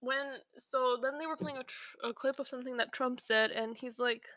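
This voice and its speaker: A woman's voice: sits high, fairly even intonation, normal speed, a bit bright, no echo. Rambling young woman podcaster. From South Asia. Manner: rambling, many fillers and restarts. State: slightly out of breath while eating. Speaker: podcast host. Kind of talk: casual podcast chat.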